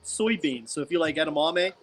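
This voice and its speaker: A man in casual podcast chat who drops blunt, flat one-liners and half-serious claims. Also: on the high side, a little fast, poor audio.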